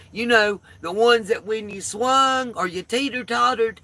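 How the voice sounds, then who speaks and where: A woman's voice: lowish voice, vocal fry, pushed and bright. A woman, the host of a livestream, telling a profane, colorful down-home story in a casual way.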